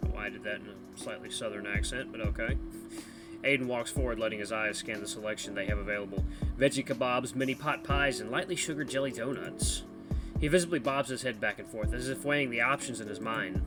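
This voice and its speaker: A man hosting a let's play, chatty and animated, reading game text and the main character's lines. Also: mid-range voice, brisk. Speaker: gaming channel host. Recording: background music under voice.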